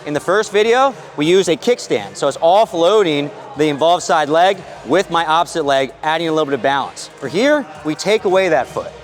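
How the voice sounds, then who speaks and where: A brisk, fairly high male voice explains knee rehab exercises while coaching a patient through the movements. He keeps an energetic physical therapist's coaching manner throughout. Faint music runs behind. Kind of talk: exercise instruction.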